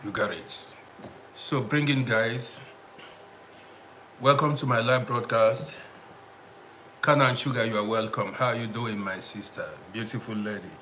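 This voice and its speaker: Bright-voiced man hosting a live stream. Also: medium pitch, a little slow, long pauses, slight background noise. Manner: greets viewers by name, repeats himself. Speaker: livestream host. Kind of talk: casual live-stream chat.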